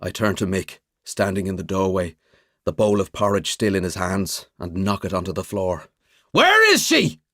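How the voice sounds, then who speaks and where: A man's voice: low-pitched, normal speed, no echo, clean studio sound. A man narrating a suspense audiobook in the first person, telling it dramatically. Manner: expressive, dramatic storytelling.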